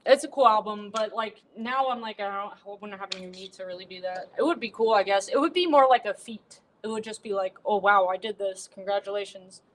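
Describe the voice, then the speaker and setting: A woman hosting a casual livestream, talking at a middle pitch in a loose, rambling way. Her speech is full of fillers and irreverent asides, with a bit of faint noise behind her. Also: fairly quick, hardly any pauses, poor audio. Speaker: livestream host.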